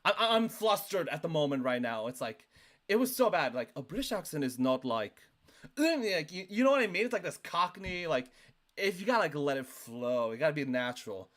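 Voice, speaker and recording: A male streamer doing reaction commentary into a desk microphone, talking in an animated, emphatic way with lots of "like". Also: fairly high pitch, brisk.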